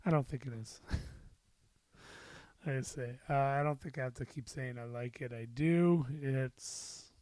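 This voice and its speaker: A middle-aged man hosts a casual solo podcast at a slow, drawn-out pace, rambling, poking fun at himself, and scattering plenty of "uh"s and the odd swear word. His medium-pitched, darkish voice is recorded close and dry, with no room sound.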